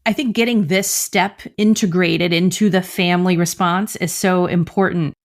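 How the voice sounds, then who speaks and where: A woman's voice: fairly low pitch, steady tone, moderate pace. Female podcast co-host, chatty and easygoing, quotes listeners. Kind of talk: podcast conversation.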